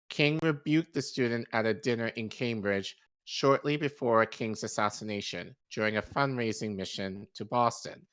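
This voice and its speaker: A man co-hosting a podcast who reads an article aloud, with steady delivery and occasional stumbles and self-corrections. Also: mid-range voice, no room sound. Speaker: podcast co-host.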